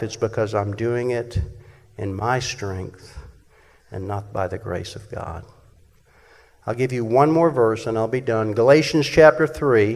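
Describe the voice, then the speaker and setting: Male preacher, emphatic sermon, unhurried delivery, echo from a large hall. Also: medium pitch. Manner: emphatic, swings between loud and hushed. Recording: echoey hall.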